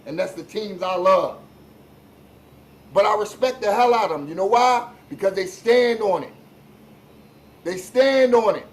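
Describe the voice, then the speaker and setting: Blunt, profane sports-rant host. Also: male voice, animated, measured pace, long pauses, poor audio. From Philadelphia. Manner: blunt, profane, swings between low asides and shouted emphasis. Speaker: sports talk show host. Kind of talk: live-stream sports rant.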